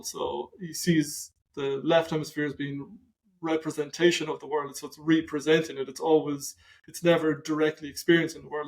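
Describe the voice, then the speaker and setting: A man's voice: a little high, vocal fry. An Irish man, a philosopher on a podcast, talking casually and thinking aloud as he circles and questions his own points. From Limerick, Ireland. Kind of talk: casual conversation.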